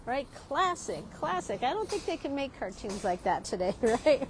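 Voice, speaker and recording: A woman's voice: high-pitched, big pitch swings, moderate pace, a little hiss or hum, rough recording. A woman talking casually and rambling while she sits at an outdoor café, often tagging her sentences with "right?". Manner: chatty, rambling, often adds "right?", laughs a lot. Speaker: art teacher vlogging. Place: outdoor street café in a city. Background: street ambience.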